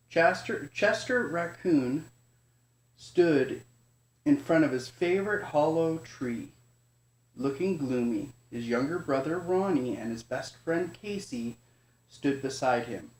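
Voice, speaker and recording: Slow, gentle dad reading a bedtime story. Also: male voice, fairly high pitch, expressive. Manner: gentle and informal, with stumbles and self-corrections. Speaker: father reading to his son. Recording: echoey room.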